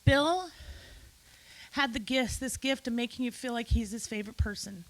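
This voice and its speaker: A woman's voice: fairly high pitch, steady tone, brisk, fairly bright tone, poor audio. A woman giving an emotional, effusive eulogy at a memorial gathering, speaking straight to friends in the room.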